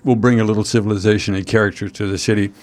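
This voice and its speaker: A man hosting a talk show in casual chat, rambling and halting with frequent fillers and wry asides. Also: fairly low pitch, flat delivery, darkish tone. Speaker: host.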